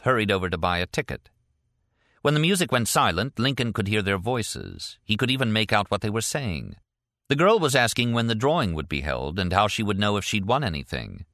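A man narrates a novel in a steady, deliberate manner. His voice is very deep but crisp and forceful. The recording is close and dry. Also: dry recording. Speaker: audiobook narrator. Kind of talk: scripted narration.

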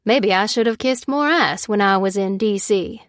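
A man's voice: high-pitched, normal speed, a bit bright, dry recording, clean studio sound. A woman voicing a bitter, gossipy male field medic who talks in a sly, folksy way.

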